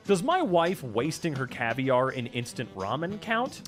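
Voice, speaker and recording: A man doing casual reaction commentary, animated and sarcastic, with plenty of swearing and asides. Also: medium pitch, measured pace, few pauses. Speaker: reaction streamer.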